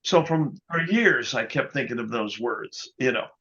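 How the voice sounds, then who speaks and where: A man being interviewed as a guest musician, telling an anecdote in a casual, animated way, often adding "you know". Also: medium pitch, moderate pace, highs cut off. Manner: animated anecdote teller, quotes others, many "you know"s.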